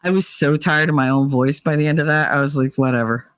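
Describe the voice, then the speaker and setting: A woman's voice: sits low, steady tone, quick pace, no room sound, rough recording. A woman livestreamer chatting casually in a blunt, rambling way, swearing and laughing often.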